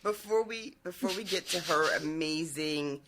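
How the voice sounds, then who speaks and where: A podcast co-host chatting casually about a show, expressive, laughing a lot and swearing freely. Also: medium pitch, normal speed, noisy background. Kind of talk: casual recap chat.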